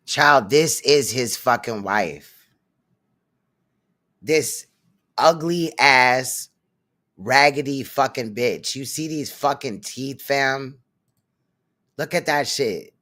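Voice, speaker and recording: A man giving casual reaction commentary in a mocking, drawn-out way. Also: medium pitch, bright, forceful tone.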